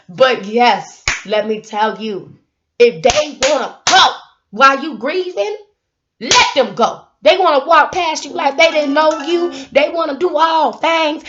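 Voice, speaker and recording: A young woman talks straight to her camera in a casual, motivational vlog. She is animated and often laughs, now and then breaking into sudden loud bursts. Her voice sits a bit high, and the recording sounds dull and lo-fi. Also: slow, noisy background. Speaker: YouTube vlogger.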